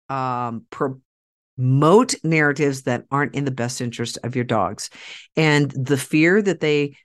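A woman hosting a podcast, talking straight to her listeners in a persuasive monologue, emphatic and repeating key phrases for force. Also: sits low. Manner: direct address to listeners, rallying tone. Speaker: podcast host.

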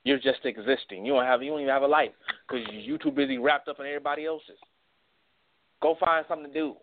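A man's voice: on the high side, expressive, quick pace, gravelly. A man co-hosting a casual chat show, talking emphatically and repeating himself to get the floor. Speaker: co-host. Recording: tinny phone-like sound.

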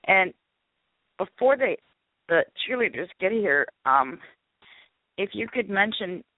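A woman's voice: low-pitched, no echo. Sick-sounding woman co-hosting over a phone line. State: sick, congested, tearful-sounding. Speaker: co-host. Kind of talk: casual talk-radio chat. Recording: tinny phone-like line, dry.

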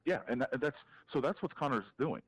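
Male sports reporter on a podcast call, mid-pitched, animated and opinionated, talks in quick restarts. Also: breathy edge, dry recording, poor audio. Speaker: MMA reporter, guest. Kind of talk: casual podcast interview, calling in.

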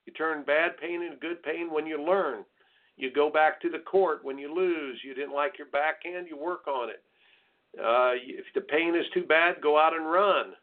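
An American tennis coach and radio host gives coaching advice over a tinny phone line. He's blunt, folksy and preachy, mocking soft attitudes in sing-song asides. His male voice is a little high and his pace moderate.

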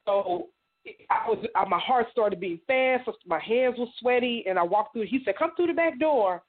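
Woman, from Indiana, halting personal testimony, many fillers, phone-line sound. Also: fairly high pitch. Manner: halting, frequent "you know" fillers. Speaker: interview guest.

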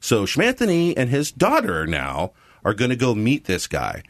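A man's voice: mid-range voice, normal speed, no echo. A man hosting a podcast, telling a story in casual chat with frequent laughs while acting out the people in it. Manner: animated, laughs often, acts out quoted voices. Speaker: podcast host.

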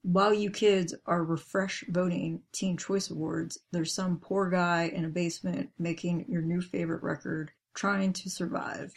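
A woman's voice: on the low side, steady tone, measured pace, few pauses. A woman co-hosting a casual fan podcast, reading tweets aloud and then commenting on them with a laugh. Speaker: podcast co-host.

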